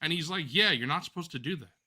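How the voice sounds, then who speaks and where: A man with a very bright, ringing voice and a fairly high pitch tells a long story on a live stream. He talks in a casual, animated and profane way. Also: quick pace. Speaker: co-host.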